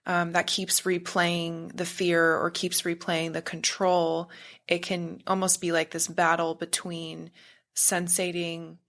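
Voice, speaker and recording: A woman's voice: on the low side, completely flat delivery, slow, a bit bright. A woman talking as a podcast guest in a meandering, searching way, sometimes buzzing to illustrate a point. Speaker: podcast guest, spiritual practitioner. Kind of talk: casual conversation.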